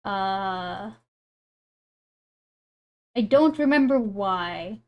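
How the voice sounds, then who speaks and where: A woman's voice: a little high, unhurried, muffled recording. A woman streamer chatting casually and laughing while reacting live. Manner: giggly, rambling, self-deprecating.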